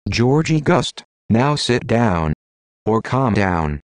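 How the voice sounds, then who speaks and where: A man's voice: medium pitch, big pitch swings, slow pace, dry recording. A man voicing an earnest, proper female literature teacher in an audiobook. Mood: measured. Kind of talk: audiobook narration of literary fiction.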